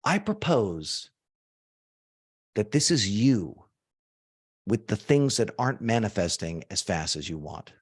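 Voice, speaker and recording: A man teaching a live seminar, animated and informal, swearing now and then for emphasis and asking the audience to join in. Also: on the low side, slow pace, long pauses, husky. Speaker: motivational speaker.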